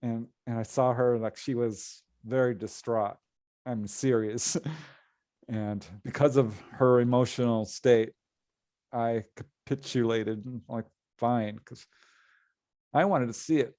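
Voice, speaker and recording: A middle-aged man, a guest on an interview show, telling a story in an animated way and laughing often as he goes. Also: medium pitch, unhurried, dry recording, studio quality. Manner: lively, laughs often while telling a tale. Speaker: guest, paranormal author.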